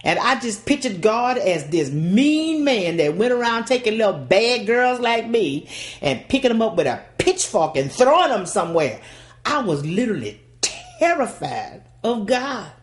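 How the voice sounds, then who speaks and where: Unhurried and very animated, this older woman speaks on the high side with a Southern US accent. Hailing from Louisiana, she recounts a childhood story with folksy drama, giving each character an acted-out voice.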